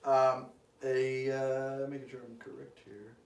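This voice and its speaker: A man's voice: mid-range voice, level tone, measured pace, darkish tone, echoey room, distant mic. A man hosting a cocktail show, chatting casually on a live stream as he makes a drink, with rambling, self-deprecating asides.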